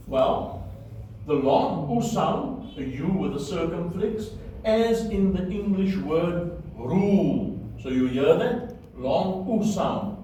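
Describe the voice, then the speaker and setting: A man teaching a Hebrew class, patiently repeating vowel sounds slowly and checking that students follow. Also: on the high side, warm tone. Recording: echoey room from far off, faint noise.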